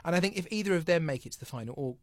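A man's voice: a little high, rapid-fire, no room sound. A man co-hosting a podcast, chatting animatedly, laughing and acting out what people said. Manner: animated, laughs often, acts out quotes. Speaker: podcast co-host. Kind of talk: casual chat.

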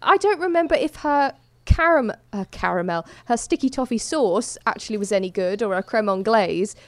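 A woman's voice: on the high side, animated, moderate pace, dry recording. A woman co-hosting a podcast, chatting casually and laughing often as she recaps a TV show. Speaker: podcast co-host.

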